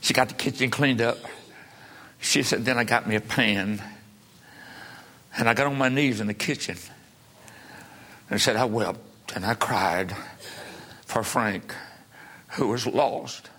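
A man preaching a revival sermon, impassioned, swinging from low pleading to shouted peaks. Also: takes it slowly, long pauses.

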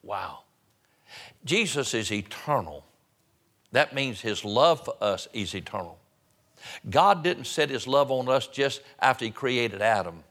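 A man, a pastor giving announcements and a sermon, reading scripture slowly and emphatically with small folksy restarts. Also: medium pitch, expressive, a bit bright. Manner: slow, emphatic reading of scripture with rising stress on key words. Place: church sanctuary.

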